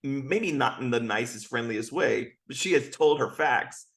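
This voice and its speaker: A man as guest co-host in casual recap chat, giving relaxed commentary and frequent short agreements. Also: medium pitch, moderate pace, creaky.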